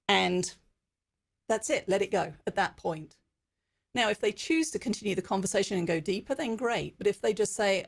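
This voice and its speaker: Woman host with a gravelly edge. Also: mid-range voice, normal speed. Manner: reflective, earnest, explaining ideas. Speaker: podcast host. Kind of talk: conversational interview.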